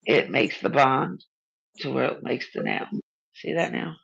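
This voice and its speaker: Gravelly-voiced woman on a muffled video call. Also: rumbling low, steady tone, measured pace, fairly bright tone. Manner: blunt, swears freely, bossy teasing. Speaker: channel host. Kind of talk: casual video chat.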